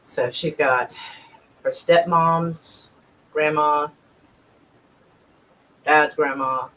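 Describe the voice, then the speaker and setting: A man's voice: on the high side, steady tone, very slow, fairly bright tone, poor audio. A man chatting casually and at length, rambling and swearing freely. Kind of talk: casual chat.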